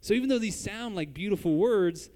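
A man's voice: sits high, animated, brisk, mellow, in a large hall. A man preaching a sermon, speaking conversationally and addressing the congregation directly. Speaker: pastor.

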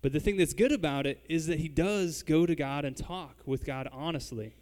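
A man delivers a sermon in a relaxed, conversational way, talking straight to his listeners. His voice sits a little high for a man. A long reverb trails behind him in the church hall. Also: moderate pace, few pauses. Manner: conversational, addresses the congregation directly. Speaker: pastor.

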